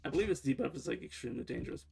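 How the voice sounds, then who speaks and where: Gravelly man rambling over gameplay. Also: medium pitch, expressive, very fast, dark tone, a little hiss or hum. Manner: rambling, self-correcting, laughs at himself. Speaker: livestreamer playing a game. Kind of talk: casual gameplay commentary.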